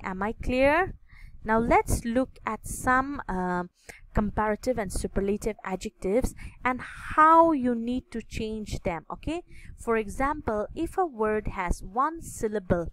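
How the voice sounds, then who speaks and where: A woman at an ordinary middle pitch teaches a grammar lesson, walking through each rule slowly and closing nearly every point with a questioning "okay?". Faint background noise sits under her voice. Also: rough recording. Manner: explains step by step, tags sentences with "okay?". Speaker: English teacher.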